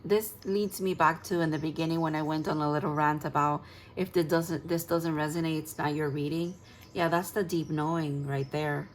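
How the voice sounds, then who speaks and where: A woman's voice: low voice, fairly even intonation, normal speed, a little hiss or hum, rough recording. A woman tarot reader talking through a casual spoken card reading, dreamy and gushing, rambling with fillers.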